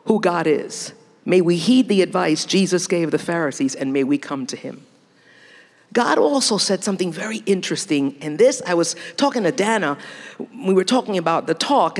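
Animated woman preaching in a large hall. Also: mid-range voice. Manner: animated, laughing, playful asides. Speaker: speaker. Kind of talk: sermon. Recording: long hall reverb.

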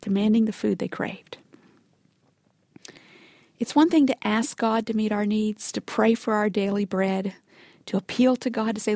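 A woman's voice: mid-range voice, moderate pace, mellow, no echo. A woman giving a sermon, earnest and emphatic, acting out quoted complaints and sometimes dropping to a whisper for emphasis. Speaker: Bible teacher.

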